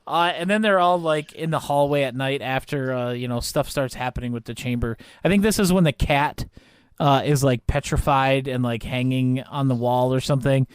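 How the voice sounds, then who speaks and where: A man's voice: medium pitch, normal speed, smooth, no echo, studio quality. A man co-hosting a podcast in casual chat, laughing often and acting out quoted lines. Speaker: podcast co-host.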